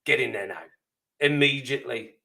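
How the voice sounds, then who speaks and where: A man's voice: medium pitch, moderate pace, vocal fry, pushed and bright. A man voicing a brusque, impatient male school secretary who talks in a snappy, dismissive way.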